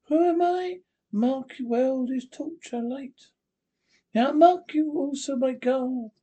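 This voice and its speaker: A gloating witch ghost , as a man puts her on, shrieks in a high, piercing voice. Her words stretch out slow and menacing, like a radio-play spirit. Her laughter cuts shrill and cruel. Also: dark tone, breathy edge, full character voice. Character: vengeful cackling witch ghost, female.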